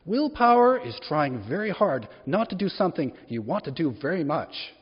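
A man reading a children's story aloud, voicing an earnest male frog who keeps vowing to stop eating cookies. He makes the frog's lines a little higher than his narration. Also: sing-song, moderate pace, slightly rough. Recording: echoey hall, dull lo-fi sound.

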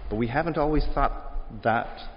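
A pastor with a medium-pitched voice and moderate pace preaches a conversational sermon, reading scripture and telling stories about his family. The recording is dull, with a slight hiss or hum and long hall reverb.

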